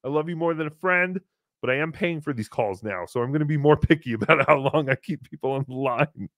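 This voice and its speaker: A man's voice: a little high, brisk, no room sound, studio quality. Wry, swearing call-in podcast host man. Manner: wry, rambling, swears freely. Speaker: podcast host taking calls. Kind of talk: casual call-in chat.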